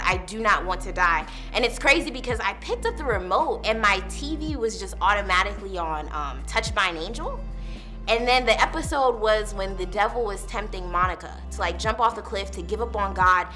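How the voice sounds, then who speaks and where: A young woman recounts her personal testimony in loose, candid storytelling, leaning often on "like" and "literally". Her voice is bright and crisp at a middle pitch. Quiet music plays faintly behind her. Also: fairly quick. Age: young adult. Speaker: university student giving a testimony.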